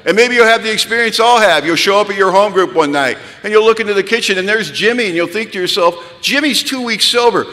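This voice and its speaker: Male speaker at a recovery gathering, animated comic storyteller, bright, slightly high voice, reverberant hall. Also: fast talker, few pauses. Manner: lively, animated, punchline-driven storytelling. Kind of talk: humorous storytelling talk to an audience. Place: large hall.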